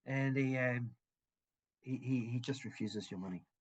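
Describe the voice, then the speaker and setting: A man narrating a tabletop game as game master, halting and full of restarts. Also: mid-range voice, lo-fi sound.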